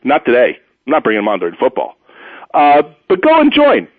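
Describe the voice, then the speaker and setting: A man hosting a sports talk radio show, rambling through stories and blunt opinions in an animated, storytelling way. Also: mid-range voice, brisk, dry recording. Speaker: radio host. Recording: tinny phone-like radio audio, dry.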